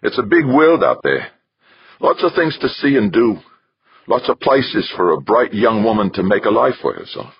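A man voicing a gruff aging miner, a father who mutters in clipped, grudging phrases. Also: on the low side, sing-song, normal speed, no room sound, muffled recording, pitched above the performer's own voice, exaggerated voice.

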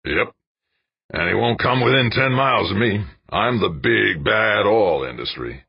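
A man reading the part of a crude, blunt old oil tycoon who snaps and mutters, with a rasping snicker. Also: fairly low pitch, expressive, unhurried, no room sound, lo-fi sound, pitched above the performer's own voice, full character voice. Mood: gruff.

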